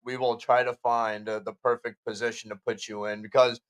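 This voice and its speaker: A man's voice: lowish voice, little pitch movement, moderate pace. A man on a radio show's staff, speaking casually and hesitantly with many fillers. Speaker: show staff member. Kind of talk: casual radio talk show chat.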